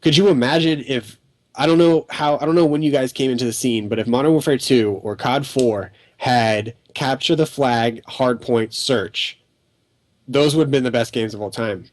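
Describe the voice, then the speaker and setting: A man's voice: mid-range voice, moderate pace, darkish tone, dry recording. A young man on a casual gaming podcast, rambling through his points with restarts and fillers. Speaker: podcast panelist.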